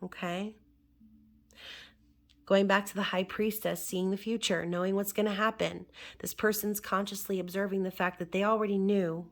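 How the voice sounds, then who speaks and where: A hoarse woman, still recovering her voice, chatting through a casual tarot reading with wry asides. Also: mid-range voice, fairly even intonation, normal speed. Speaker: tarot reader.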